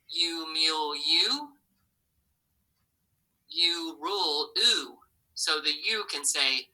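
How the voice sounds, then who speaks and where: Low, bright-voiced woman teaching phonics. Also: far from the mic, poor audio. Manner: slow, encouraging, enunciates letter sounds. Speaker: literacy specialist teacher. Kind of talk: recorded phonics lesson for children.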